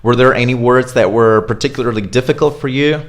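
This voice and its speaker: A man teaching English pronunciation in an online accent lesson, repeating example words slowly and chatting casually with fillers. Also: mid-range voice.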